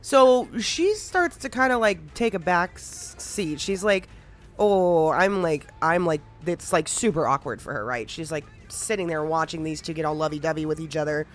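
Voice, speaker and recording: Laughing, animated woman telling a story. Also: low-pitched, normal speed, few pauses, faint music behind. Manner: animated storyteller, laughs often, swears casually. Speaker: podcast host. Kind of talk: casual podcast chat recounting roleplay stories.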